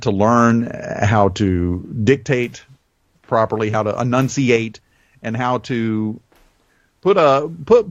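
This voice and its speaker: A seasoned radio man with a light Southern accent, talking in a lively, up-and-down voice. He speeds up and slows down on purpose, like a born storyteller. The sound is dry and a little muffled, as if over a remote line. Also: no echo. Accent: Southern American, softened. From American South. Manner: animated storyteller, varies speed and pitch deliberately. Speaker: radio host, guest. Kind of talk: conversational podcast interview.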